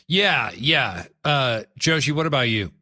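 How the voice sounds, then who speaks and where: A man hosting a podcast, retelling moments in an animated, casual way. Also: medium pitch, unhurried. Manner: animated, storytelling. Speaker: podcast host. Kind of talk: casual chat.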